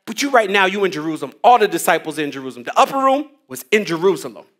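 Man, fairly high voice, energetic Bible study teaching, slangy, calls out to the room, headset mic. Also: very fast. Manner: energetic, slangy, call-and-response preaching. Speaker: pastor leading Bible study. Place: church room with a group.

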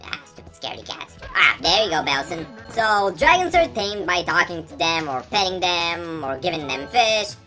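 A woman's voice: on the low side, very animated, moderate pace, hardly any pauses, pushed and bright. A woman giving playful let's-play commentary, chatty and teasing as she talks to the characters on screen. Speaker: gameplay commentator. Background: game music.

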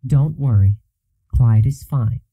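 A man voicing a caring woman school nurse and healer who chides gently and then reassures. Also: mid-range voice, slow pace, breathy edge, rough recording. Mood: reassuring.

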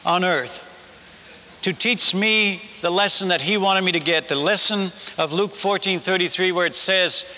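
A man's voice: high-pitched, moderate pace, bright, forceful tone. An older man with a Dutch accent, telling a humorous missionary story as a sermon in a folksy way, with many restarts. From Netherlands. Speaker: missionary speaker. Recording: long hall reverb with faint noise.

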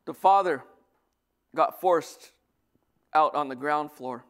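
A male pastor preaching a sermon, lively, swinging from loud bursts to soft asides. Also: on the high side, slow pace, pauses often.

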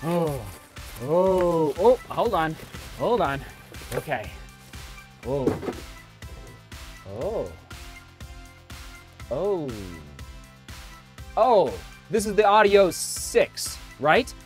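Male vlogger, high voice, a little winded, excitable unboxer. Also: drawn-out words, long pauses, faint music behind. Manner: exclaims and gasps a lot. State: slightly out of breath. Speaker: running vlogger. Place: hot home studio.

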